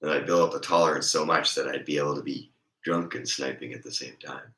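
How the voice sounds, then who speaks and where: Very deep, hoarse man. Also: fairly even intonation, fast, a bit bright, reverberant. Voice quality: raspy. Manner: rambling and joking. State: hoarse, congested. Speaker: streamer. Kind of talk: casual chat.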